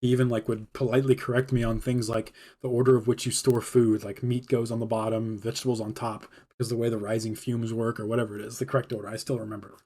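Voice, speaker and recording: A man's voice: mid-range voice, little pitch movement, fast talker, hardly any pauses, dark tone. A man hosting his own podcast, telling a personal story in a casual, rambling way, full of fillers and laughing often. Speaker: podcast host.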